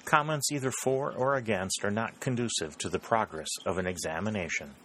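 A man voicing a quiet, dignified president who speaks formally. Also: fairly low pitch, brisk, slight background noise. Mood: composed.

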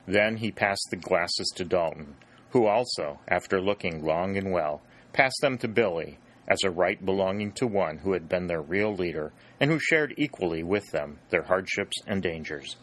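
A man narrating a historical adventure audiobook in an even, unhurried reading style. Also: sits low.

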